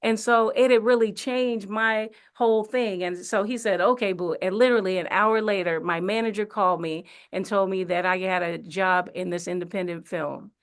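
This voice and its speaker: A woman's voice: mid-range voice, fairly even intonation, normal speed, hardly any pauses. A woman, an actress, telling her story in a casual interview, chatty with many fillers and restarts. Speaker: actress and singer, interview guest. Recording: radio studio interview.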